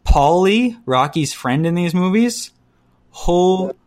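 A man co-hosting a casual chat about movies, ranting bluntly and breaking into quick mimicked voices. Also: high-pitched, animated, darkish tone.

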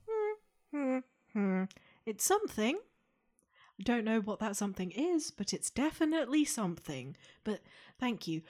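A woman playing a tabletop game, talking in a chatty, rambling way with many "like"s and "um"s. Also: a little high. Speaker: player.

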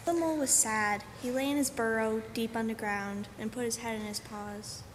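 Woman narrating a kids' story at church, clear, expressive, higher voice, faint hum, echoey room. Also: moderate pace. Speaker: co-reader of a children's story. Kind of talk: reading a picture book aloud. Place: church sanctuary.

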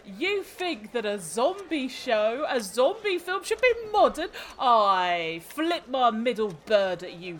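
A woman's voice: medium pitch, a bit bright, a little hiss or hum. A woman playing a haughty, pompous starlet actress in an improvised comedy sketch. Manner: indignant, theatrical, pompous. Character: haughty female starlet, a self-important actress.

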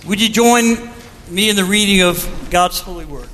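High-voiced pastor preaching slow, long echoey church reverb. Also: male voice, a loud crowd. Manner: measured, storytelling preacher. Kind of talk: sermon. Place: church sanctuary.

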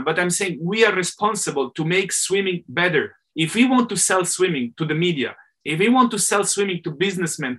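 A man's voice: high-pitched, sharp tone. A middle-aged man, a swim coach, talking candidly and animatedly in an interview, correcting himself as he speaks English as a second language.

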